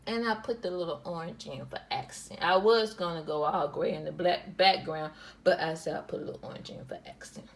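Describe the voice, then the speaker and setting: A woman hosting a quilting vlog, casually showing her fabric pieces in a slow, rambling way and often repeating herself. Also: on the low side, gravelly, slight background noise, low-quality recording. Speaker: quilting channel host. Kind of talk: casual show-and-tell vlog.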